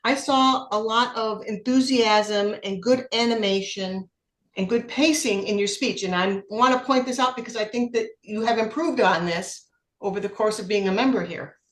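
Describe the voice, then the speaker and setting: A woman's voice: mid-range voice, moderate pace, roomy sound. A woman acting as general evaluator at a speaking club meeting, giving encouraging feedback on a speech. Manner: encouraging, apologetic when corrected.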